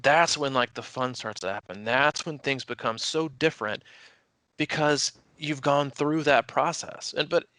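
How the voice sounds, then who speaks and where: A man's voice: mid-range voice, measured pace, clear, resonant tone, dry recording, rough recording. A man, a triathlon coach and podcast host, talking casually and at length, rambling with many restarts and fillers. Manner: rambling, animated, frequent restarts and "like".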